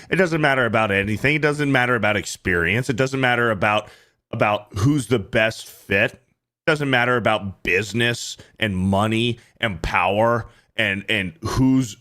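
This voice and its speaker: A man's voice: mid-range voice, a bit bright. A man hosting a reaction commentary show, ranting in a profane, fired-up way.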